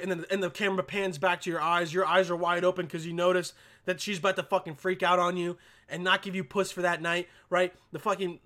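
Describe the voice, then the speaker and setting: Young man, casual profane rant, high voice, stumbling repetitions. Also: fairly bright tone. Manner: profane, keeps asking "all right?".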